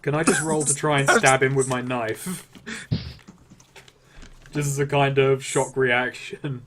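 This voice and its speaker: A man playing a tabletop game who jokes easily with the others. His voice sits at an ordinary middle pitch, with a faint noise in the background. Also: steady tone, measured pace, fairly bright tone. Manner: casual, joking. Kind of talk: casual game table chat.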